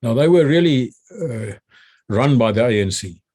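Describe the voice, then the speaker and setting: Older man, South African accent, retired general, animated storytelling, mid-pitched voice. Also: moderate pace, breathy edge. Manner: animated storyteller who acts out the orders he shouted. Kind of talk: recounting memories in a conversation.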